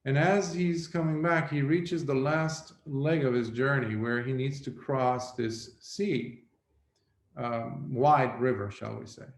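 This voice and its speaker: Slow gravelly monk giving a talk. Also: male voice, mid-range voice, fairly even intonation. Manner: slow, reflective storytelling with pauses. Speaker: Buddhist monk teacher. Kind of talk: dharma talk. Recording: roomy echo.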